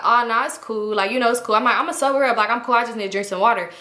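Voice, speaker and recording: A young woman rattles through a storytime, quick and bright. She slips into the voices of everyone she quotes as she goes. Her voice rings around an echoey room. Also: fairly high pitch. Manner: fast, animated retelling with quoted voices. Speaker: vlogger. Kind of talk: casual storytime.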